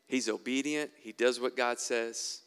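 A man's voice: medium pitch, fairly even intonation, a little slow, a bit bright, clean tone, in a large hall. A man preaching a sermon and reading scripture aloud, conversational with wry asides.

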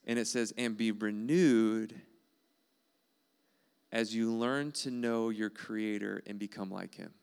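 A man's voice: on the low side, fairly even intonation, takes it slowly, gravelly, pauses often, darkish tone, clean tone. A man preaching a sermon in an earnest, emphatic way, repeating key phrases. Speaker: pastor.

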